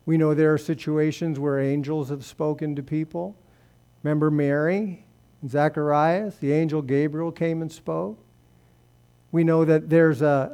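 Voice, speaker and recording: A man preaching a sermon in a church service, speaking earnestly and dropping soft when he prays. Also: on the high side. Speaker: pastor. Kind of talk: sermon and closing prayer.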